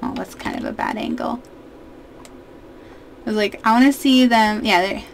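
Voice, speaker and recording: A woman in her twenties giving casual, excitable let's-play commentary as a gaming YouTuber, chatting to her viewers. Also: on the high side, moderate pace, creaky, slight background noise.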